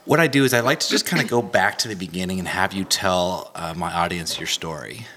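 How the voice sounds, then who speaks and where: A man's voice: deep voice, brisk, pushed and bright, slight background noise. A man hosting a podcast, chatting casually with a guest in a home kitchen. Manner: upbeat, chatty, laughs easily. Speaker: podcast host. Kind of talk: casual interview chat.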